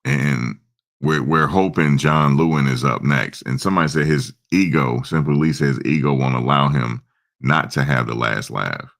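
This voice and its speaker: A man's voice: very deep voice, moderate pace, gravelly, a bit bright. A man hosting a casual live stream, rambling and answering viewers' comments. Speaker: livestream host.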